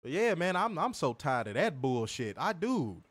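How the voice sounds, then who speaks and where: A man's voice: on the high side, very animated, moderate pace, fairly bright tone, no room sound, studio quality. A man hosting a wrestling review podcast, ranting and mocking in profane comedic commentary, laughing often.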